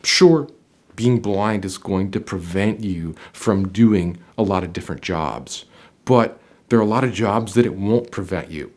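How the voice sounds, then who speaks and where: A man talking as a job interview coach, giving advice to camera in an emphatic way, with sudden loud stresses and quiet drops, often repeating phrases. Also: deep voice, a little slow. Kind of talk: direct-to-camera advice talk.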